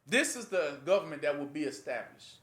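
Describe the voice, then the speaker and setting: High-voiced man preaching in an echoey room. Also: lively intonation, a little fast, fairly bright tone. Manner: rhetorical fill-in-the-blank questions to listeners; conversational, plain-spoken. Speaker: preacher teaching scripture. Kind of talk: informal Bible teaching sermon.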